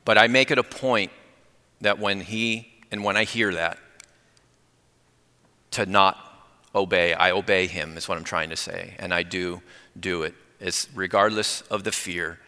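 Pastor telling a story in a hall. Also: male voice, sits low, measured pace, pauses often, clean tone. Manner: animated, acts out dialogue. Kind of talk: sermon with personal story.

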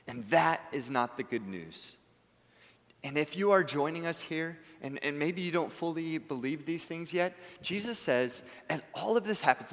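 Earnest pastor preaching in a reverberant hall. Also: male voice, on the high side. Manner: earnest, building to emphatic peaks then dropping soft. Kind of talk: sermon.

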